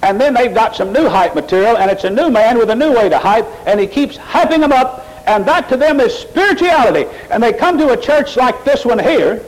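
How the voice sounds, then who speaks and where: A man preaching a sermon, rising sharply in pitch and volume as he drives his points home. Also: animated, brisk, hardly any pauses, low-quality recording. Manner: mocking emotional worshippers in a high voice. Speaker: pastor.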